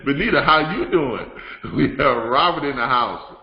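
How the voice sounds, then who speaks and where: Hosting a business livestream, this man speaks at normal speed in an animated, medium-pitched voice. His loose, rambling delivery of announcements and lessons is packed with fillers and restarts, recorded with a roomy, somewhat dull sound.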